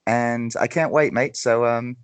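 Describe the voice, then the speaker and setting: A man's voice: medium pitch, steady tone, measured pace, clean tone, no echo. A man hosting a podcast in casual chat, laughing often and tripping over repeated words. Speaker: podcast host.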